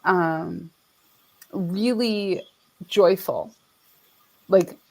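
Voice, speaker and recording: A woman's voice: lowish voice, drawn-out words, vocal fry, low-quality recording. A woman hosting an interview, responding encouragingly in casual chat. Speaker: interview host.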